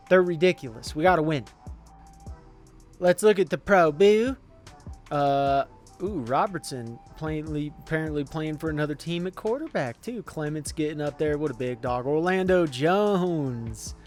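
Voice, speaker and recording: Excitable man commenting on a video game. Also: a little high, unhurried, soft background music. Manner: excitable, swings from mumbling to yelling. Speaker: gaming YouTuber.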